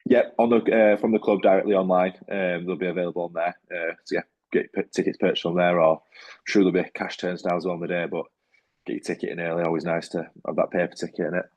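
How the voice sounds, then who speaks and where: A man's voice: deep voice, level tone, fast talker, darkish tone. A man talking as a rugby league player in a casual interview, easygoing and rambling, with many fillers and restarts.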